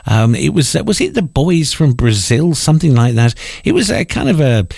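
Male radio host, lively swooping delivery, rambling and wry, dry close sound. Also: medium pitch, normal speed, creaky, slightly rough, no echo. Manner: rambling, wry, jokes and corrects himself. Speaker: radio presenter. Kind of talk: casual radio chat.

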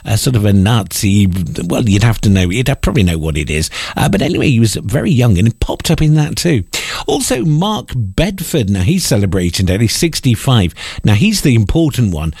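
A man's voice: lowish voice, big pitch swings, a little fast, gravelly, darkish tone, slightly rough, no echo, studio quality. A man presenting on the radio, rambling along in a casual chat, making wry jokes and correcting himself.

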